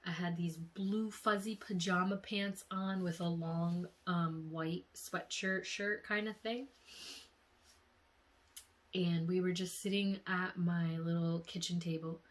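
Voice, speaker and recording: A young woman vlogger emotionally retelling a dream in a casual, animated way. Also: fairly low pitch. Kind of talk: casual storytelling.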